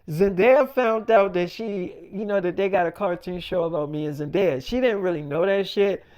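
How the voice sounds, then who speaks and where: A man's voice: high voice, moderate pace, a little mellow, clear, resonant tone. Profane, rambling male storyteller. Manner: casual, profane and rambling, acting out quoted voices. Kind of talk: improvised freestyle storytelling.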